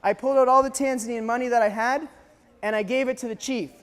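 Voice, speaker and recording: A man from Canada telling a dramatic personal story to a live audience, acting out voices and shouts as he goes. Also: extremely high pitch, steady tone, fast, clear, resonant tone, in a large hall. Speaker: speaker telling a mission story.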